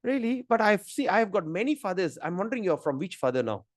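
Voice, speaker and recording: A man's voice: sits high, very animated, fast, no room sound, clean studio sound, voice pushed up. A man voicing a puzzled revived baby in a told story.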